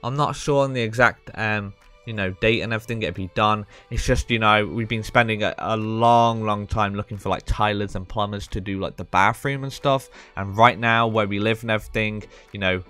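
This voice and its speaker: A young man chatting casually as he comments on his game loot. He talks excitably and fills his speech with ums and "man.". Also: fairly low pitch, brisk, clean tone, soft background music. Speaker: gaming video creator.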